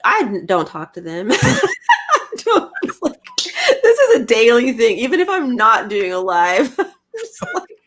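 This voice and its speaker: Lively, giggly woman co-host. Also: fairly high pitch, takes it slowly, noisy background. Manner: playful, giggly, teasing. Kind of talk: casual podcast chat.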